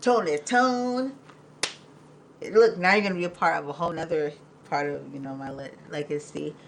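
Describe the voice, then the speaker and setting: A woman's voice: low voice, steady tone, quick pace, creaky, slight background noise, poor audio. Emotional woman hosting a live podcast. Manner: emotional, laughs often, rambling. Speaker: podcast host. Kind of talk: casual livestream chat.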